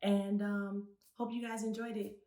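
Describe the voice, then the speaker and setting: Chatty young woman in an echoey room. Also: medium pitch. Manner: chatty, animated, quick to laugh. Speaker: co-host and beauty segment presenter. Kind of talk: casual review chat.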